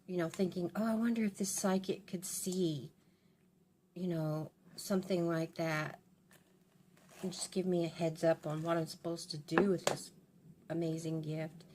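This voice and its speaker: A woman's voice: lowish voice, steady tone, measured pace, mellow, slight background noise. An older woman and grandmother chatting in a rambling, confiding way while she does her hair for her vlog. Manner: rambling and confiding, with many restarts. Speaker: beauty vlogger. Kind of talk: casual chat while doing her hair.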